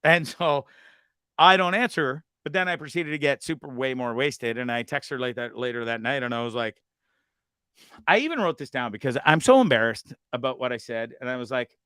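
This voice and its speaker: A man's voice: mid-range voice, smooth, no echo. A man hosting a live talk show, telling a rambling, confessional story full of swearing, fidgety and nervous as he talks. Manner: rambling, confessional, swears a lot, quick swings between loud and muttered. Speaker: host. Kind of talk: casual live show monologue.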